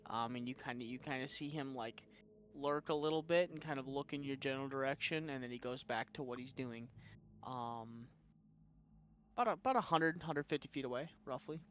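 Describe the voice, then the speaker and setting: A man's voice: mid-range voice, a little fast, a bit bright, slight background noise. A man from the Midwest with a Midwestern accent, narrating a tabletop game as game master in a loose, filler-heavy way.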